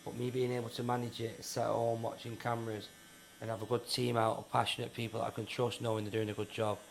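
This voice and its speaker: A man's voice: mid-range voice, little pitch movement, fast talker, vocal fry, slight background noise. A man, a neighbourhood patrol founder, talking bluntly and swearing in a casual interview. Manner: blunt, sweary, repeats himself, acts out quotes.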